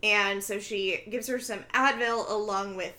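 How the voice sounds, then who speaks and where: A woman's voice: medium pitch, steady tone, measured pace, bright, forceful tone. A woman co-hosting a casual podcast, animatedly retelling a TV episode with frequent laughter. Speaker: podcast co-host recapping a TV episode. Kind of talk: casual chat.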